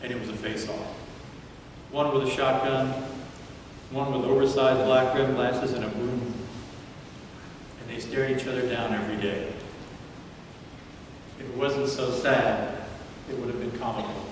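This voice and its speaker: A man preaching a sermon as pastor, telling a story dramatically and dropping to hushed tones at times. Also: mid-range voice, steady tone, unhurried, pauses often, noisy background. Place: large church sanctuary. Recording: echoey church hall from far off.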